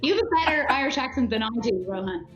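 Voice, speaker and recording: A woman's voice: high voice, animated, fast, a bit bright, soft background music. A woman actor talking appreciatively about her castmates in a cast interview. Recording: roomy, slightly dull audio.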